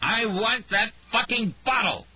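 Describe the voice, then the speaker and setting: A man narrator voicing a drunk, raging male detective who snarls and shouts. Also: sits low, big pitch swings, measured pace, dull audio, slight background noise. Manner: snarling, shouting, slurred rants.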